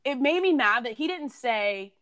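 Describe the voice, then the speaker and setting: A woman with a fairly high voice muses aloud on a casual podcast. Her phrases restart loosely and are padded with fillers. The recording is close and dry. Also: expressive, moderate pace, a bit bright, no room sound. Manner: reflective, talks in loose restarts with many fillers. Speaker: podcast co-host. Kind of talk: casual chat.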